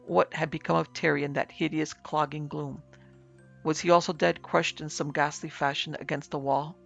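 Gravelly male ghost-story narrator. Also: fairly high pitch, flat delivery, normal speed, a bit bright, muffled recording, faint music behind.

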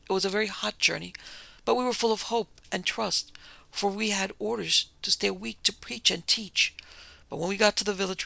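A reader voicing a frightened woman missionary who recounts her ordeal in a hushed, earnest way, as in an audiobook. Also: medium pitch, vocal fry, no room sound, heavily acted, poor audio. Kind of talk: audiobook reading.

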